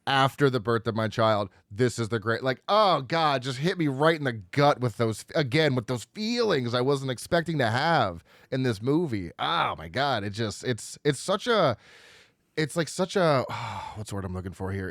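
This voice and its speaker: A man co-hosting a film podcast, chatting earnestly and casually, often pausing to search for words. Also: medium pitch, fairly bright tone, no echo, studio quality. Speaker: podcast co-host. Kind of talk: casual movie review chat.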